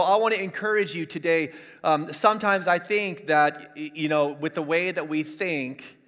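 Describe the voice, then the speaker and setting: A man's voice: fairly high pitch, fairly bright tone. A middle-aged man preaching a sermon as pastor, driving points home by repeating them, streamed from his church. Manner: emphatic, repeats key lines for emphasis. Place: church streaming an online service. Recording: long hall reverb.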